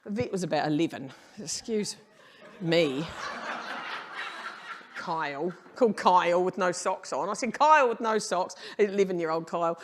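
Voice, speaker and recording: A woman's voice: mid-range voice, expressive, moderate pace, pauses often. A middle-aged woman giving a humorous keynote talk, brash and storytelling, swearing casually. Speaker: keynote speaker. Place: conference hall.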